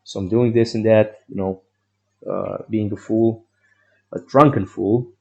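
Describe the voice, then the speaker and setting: Young male vlogger, lowish mellow voice, rambling profane storyteller. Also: fairly even intonation, unhurried, creaky, dull audio. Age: young adult. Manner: rambling, profane, full of fillers and restarts.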